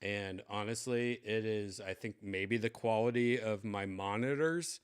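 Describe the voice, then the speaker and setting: A man hosting a live stream, talking casually in a rambling, excitable way with lots of fillers. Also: on the low side, measured pace, clear, resonant tone. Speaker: streamer host.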